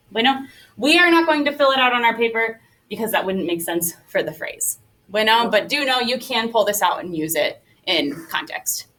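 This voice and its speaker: A woman's voice: medium pitch, fairly bright tone, far from the mic, rough recording. A woman teaching a Spanish class, upbeat and coaxing as she leads the students through repetition drills. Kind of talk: classroom lesson.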